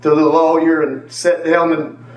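A man's voice: fairly high pitch, flat delivery, measured pace, lo-fi sound, slight background noise. Man giving church testimony. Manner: earnest, repeats phrases, calls on congregation members by name. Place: church sanctuary. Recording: echoey church from far off with faint ambience.

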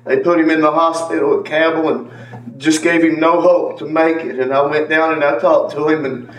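A man's voice: fairly high pitch, steady tone, moderate pace, a little hiss or hum. A man giving an earnest church testimony, repeating phrases and calling on members of the congregation by name. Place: church sanctuary. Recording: echoey church from far off with faint ambience.

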